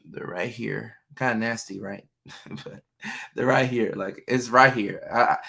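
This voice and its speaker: Speaking at a measured pace, this livestream host has a low, steady voice that sounds creaky, pushed and bright. He's a young adult man casually discussing relationships with viewers, full of fillers and doing voices for the people he quotes.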